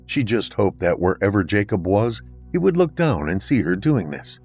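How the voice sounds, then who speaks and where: Low-voiced man narrating horror. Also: very animated, normal speed, darkish tone, slightly rough, soft background music. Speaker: podcast narrator.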